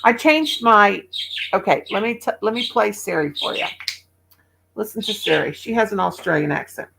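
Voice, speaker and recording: A woman's voice: mid-range voice, moderate pace, gravelly, a bit bright, a little hiss or hum, rough recording. A chatty woman in her sixties from the Midwest, rambling casually to livestream viewers and laughing often. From American Midwest. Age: 60s. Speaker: livestream host.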